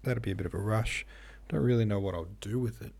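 A man's voice: lowish voice, quick pace, creaky, darkish tone, breathy edge. A man hosting a casual solo podcast, talking in a rambling, hesitant way with many fillers and restarts. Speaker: podcast host and novelist.

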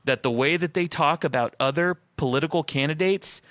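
A man's voice: a little high, brisk, fairly bright tone, dry recording. Thoughtful man musing aloud, dry sound. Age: adult, married. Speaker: co-host of a Christian talk stream. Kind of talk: casual faith discussion.

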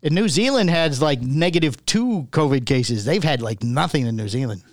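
A man hosting a podcast in casual chat, halting and repeating words as he goes. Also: on the high side, expressive, dry recording, studio quality. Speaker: podcast host. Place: Florida studio.

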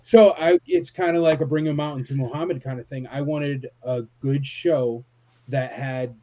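A man's voice: medium pitch, steady tone, moderate pace, mellow. A man in a casual chat, talking in a laid-back, candid way and calling people "man" and "dude". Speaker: convention promoter. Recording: dull, lo-fi sound.

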